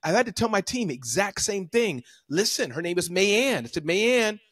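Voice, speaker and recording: Male motivational speaker guest, high voice, emphatic, coaching style, dry sound. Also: sing-song, normal speed, a bit bright, slightly rough, dry recording. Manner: emphatic, coaching, lists points. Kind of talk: interview conversation.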